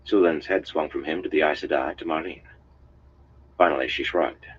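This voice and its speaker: A man reading a fantasy novel aloud on a live stream in a steady, even way. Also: extremely low pitch, normal speed, husky. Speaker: audiobook reader. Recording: dull lo-fi stream audio, faint hiss.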